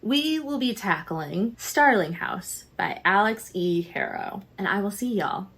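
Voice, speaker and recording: A young woman vlogging a casual, animated book review, chatty and quick to laugh. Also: medium pitch.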